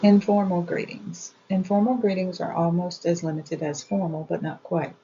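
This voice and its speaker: A woman reading an old etiquette book aloud in a measured, even way. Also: fairly low pitch, dull audio, slight background noise. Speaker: audiobook reader.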